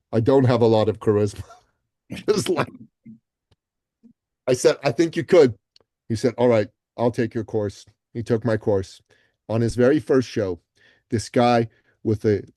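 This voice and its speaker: A man from Iran, a podcast guest, telling success stories with animated, emphatic delivery. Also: mid-range voice, no echo. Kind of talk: energetic storytelling interview answers.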